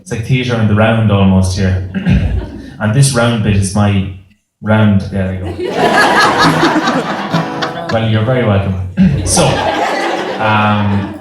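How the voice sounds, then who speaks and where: A man's voice: on the low side, takes it slowly, pauses often. A young Irish man, a singer, chatting and telling jokey stories to a live concert audience in a self-mocking way. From Ireland. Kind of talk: on-stage storytelling banter. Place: concert hall on stage. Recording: live hall echo, music behind.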